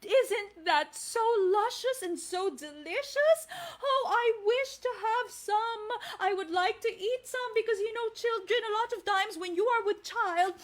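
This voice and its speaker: Very high and bright, this is a gushing young expectant mother from a children's storybook, played by a woman. She talks in a breathless, teary rush, overjoyed and longing by turns.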